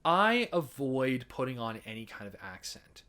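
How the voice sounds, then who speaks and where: An American man talks through a topic in a relaxed, explanatory way. He circles back, restarts phrases and leans on small fillers as he thinks aloud, with a medium-pitched voice. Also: moderate pace, clear, resonant tone. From United States. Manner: chatty explaining, frequent restarts and hedging fillers. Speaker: folk song presenter. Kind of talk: casual educational talk.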